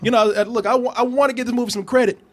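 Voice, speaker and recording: A man's voice: very high voice, very fast. A man hosting a casual comedic movie review podcast, laughing often and acting out lines from the film. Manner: animated, laughing, quotes characters in exaggerated voices.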